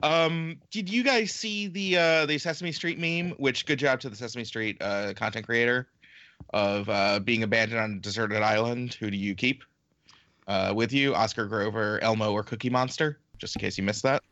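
A man's voice: mid-range voice, moderate pace, bright, forceful tone, no room sound, lo-fi sound. A man hosting a podcast in casual chat, rambling with fillers and laughing often. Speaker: podcast host.

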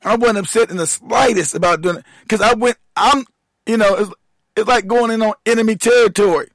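A man rants heatedly on his livestream, swearing freely and breaking into laughter. His voice sits high for a man and sounds dry and close. He keeps trailing off and muttering as he wrestles with his computer. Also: brisk, fairly bright tone, no room sound. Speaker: show host, military veteran. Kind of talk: profane livestream rant.

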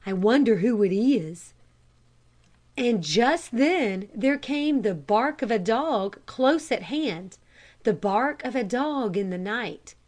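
Slow, measured woman narrating a storybook. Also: fairly high pitch, lively intonation. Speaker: audiobook reader.

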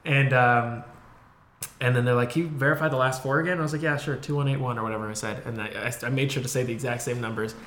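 Telling a story while co-hosting a podcast, a man talks fast in a casual, profane style and laughs often. His medium-pitched voice is steady and a bit bright, and the recording sounds roomy with faint noise.

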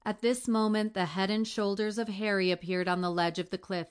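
A woman's voice: medium pitch, fairly even intonation, fairly quick, few pauses, smooth. A woman reading a classic adventure novel aloud as narration, lightly shifting her voice for the characters' lines. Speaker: audiobook reader. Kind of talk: scripted narration.

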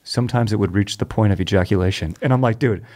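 A man's voice: fairly low pitch, fast, a little mellow. A man hosting a podcast, retelling stories in a laid-back, slangy, agreeable way. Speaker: podcast host. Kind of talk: casual chat, retelling stories.

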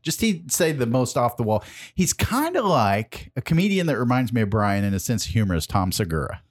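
A man's voice: mid-range voice, sing-song, a little fast. A man in his forties hosting a podcast in casual chat, joking, laughing and swearing freely. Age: 40s. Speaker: podcast host.

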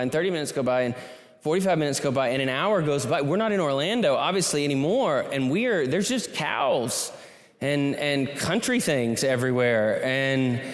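A man telling a long personal story to a live audience, rambling and self-deprecating, with many restarts. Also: on the high side. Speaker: speaker. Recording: long hall reverb.

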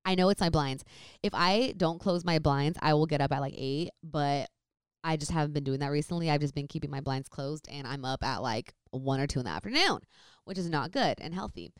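A young woman tells a story in easygoing, chatty talk. Her voice sits low and smooth. The recording is dry and close, with no room sound. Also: animated, fairly quick, dry recording. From San Francisco Bay Area, California. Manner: chatty, lots of "like". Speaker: vlogger. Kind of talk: casual storytime chat.

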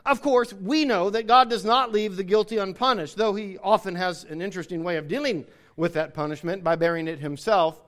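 A man's voice: sits high, fairly quick, hardly any pauses, fairly bright tone. A man preaching a sermon, explaining scripture and reading passages aloud with emphasis. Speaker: pastor.

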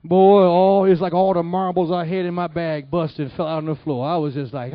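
A man from the Detroit area preaching, telling his testimony in an animated, folksy way. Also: on the high side, a little fast, few pauses, no room sound. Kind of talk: sermon testimony storytelling. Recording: dull lo-fi, dry sound.

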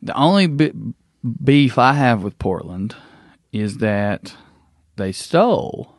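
A young man, trading wry, teasing remarks as a podcast co-host. His voice sits at a middle pitch. The recording is close and dry. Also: very animated, slow pace, no room sound. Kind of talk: casual chat.

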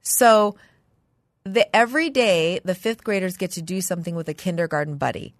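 A woman's voice: lowish voice, moderate pace, no echo, studio quality. A woman in her forties, a podcast co-host, telling a family story in casual chat and acting out the voices of the people she quotes.

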